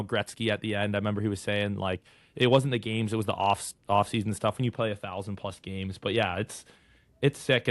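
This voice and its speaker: A man's voice: mid-range voice, dry recording. A male podcast host asking long, rambling questions full of fillers in a casual interview.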